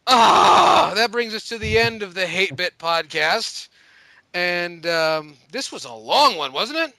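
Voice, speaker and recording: High, bright-voiced ranting podcast host. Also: male voice, big pitch swings, slow pace, creaky, no room sound. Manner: profane, rambling, jokey. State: sore throat. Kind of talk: casual ranting podcast chat.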